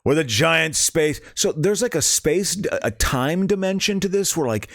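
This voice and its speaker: A man's voice: on the high side, lively intonation, unhurried, vocal fry, fairly bright tone, dry recording, clean studio sound. A man co-hosting a casual podcast, rambling with frequent stammers and restarts. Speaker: podcast co-host. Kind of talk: casual chat.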